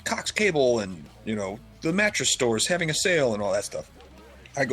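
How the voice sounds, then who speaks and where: Man, casual podcast chat, animated storytelling, middle pitch, soft music behind. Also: normal speed. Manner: animated storyteller, acts out dialogue. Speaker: podcast co-host.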